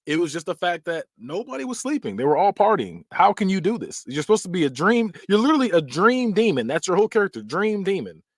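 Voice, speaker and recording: A man's voice: sits high, fast, few pauses, no room sound, clean studio sound. A man hosting a podcast, recapping film scenes in a loose, conversational way and acting out screams and quoted lines. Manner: animated, acts out scenes with yelps and quoted voices; loose and conversational with frequent fillers. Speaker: podcast host. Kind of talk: casual movie recap.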